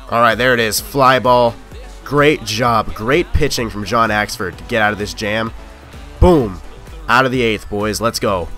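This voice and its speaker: A young man giving live commentary on his own gameplay, excitable and quick to shout or grumble at the game. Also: mid-range voice. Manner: excitable, yelling at the game, frustrated outbursts. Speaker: gaming YouTuber.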